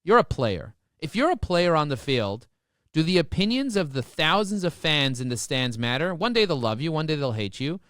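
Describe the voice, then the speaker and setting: A man's voice: fairly high pitch, moderate pace, no echo, studio quality. A man telling stories with great enthusiasm as a guest in a podcast interview. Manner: enthusiastic, excitable storyteller. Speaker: business guest.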